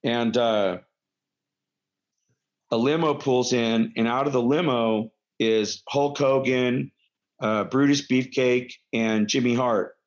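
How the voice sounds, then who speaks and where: A man's voice: mid-range voice, takes it slowly. Middle-aged guy rambling thru old wrestling stories, lots of uh and um, kinda muffled lo-fi audio. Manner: rambling, frequent fillers and self-corrections. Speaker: former pro wrestler telling stories. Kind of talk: casual anecdotal storytelling. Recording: dull lo-fi recording.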